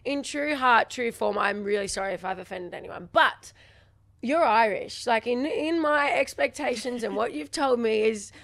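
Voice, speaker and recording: Aussie woman, chatty co-host, bit of vocal fry. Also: fairly high pitch, normal speed, fairly bright tone. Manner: chatty, playful, laughs a lot. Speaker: co-host, footballer. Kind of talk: casual chat.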